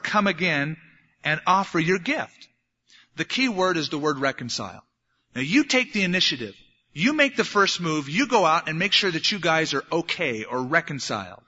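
A man's voice: fairly high pitch, bright, forceful tone, big-room sound. A man preaching a sermon, telling stories and acting out little scenes to make his point. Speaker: pastor. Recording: dull lo-fi sermon recording.

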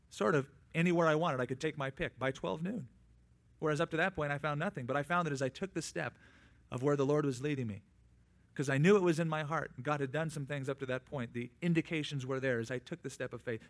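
A man preaching a sermon in a conversational way, with quick asides and acted-out quotes. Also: medium pitch. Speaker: pastor.

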